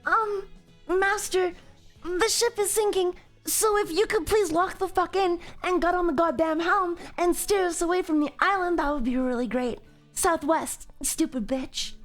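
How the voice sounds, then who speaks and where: A woman's voice: very high-pitched, unhurried, faint music behind, pitched above the performer's own voice. A woman voicing a coy, servile young maid girl who meows and speaks in a sugary cute way. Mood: sweetly rude. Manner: sweet, breathy-cute, then swears sweetly. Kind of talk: livestream bit, cute voice.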